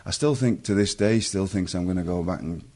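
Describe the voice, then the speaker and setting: English man, middle-aged, very low husky voice, chatty rambling interview guest. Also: fast talker, darkish tone. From England. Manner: rambling, self-interrupting storyteller. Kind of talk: casual storytelling interview.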